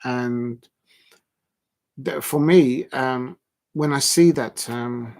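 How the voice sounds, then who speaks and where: Gravelly man chatting on a livestream. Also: mid-range voice, very slow, a little mellow. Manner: rambling, many ums and restarts, blunt. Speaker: livestream host. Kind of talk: casual live-stream chat.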